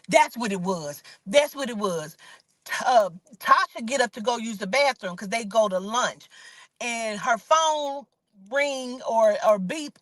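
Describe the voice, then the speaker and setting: A woman's voice: on the high side, fairly bright tone, no echo. A woman telling stories in a casual, blunt and profane way, preaching a moral as a spiritual reader. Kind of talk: casual storytelling.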